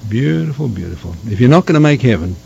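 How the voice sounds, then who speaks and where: A man's voice: mid-range voice, sing-song, fast, gravelly, warm tone, dull audio, a little hiss or hum. A man with a South African accent, a guest on a radio interview, earnest and emphatic. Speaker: guest, marriage counselor.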